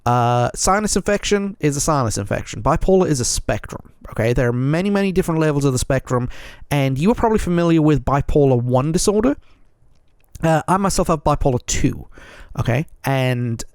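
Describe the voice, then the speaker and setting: A man's voice: a little high, expressive, a little fast, a little mellow, clear, resonant tone, no room sound, studio quality. A man hosting his own podcast, talking frankly and at length on his own, repeating himself and often checking in with his listeners. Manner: rambling, repeats himself, keeps checking in with "okay?"; frank and earnest. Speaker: podcast host. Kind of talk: solo confessional podcast monologue.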